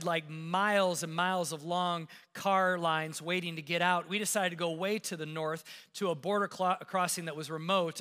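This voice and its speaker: Bright-voiced man telling a tense story. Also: sits high. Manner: animated, building suspense, voice rising when tense. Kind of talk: personal travel story told aloud. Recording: hall reverb.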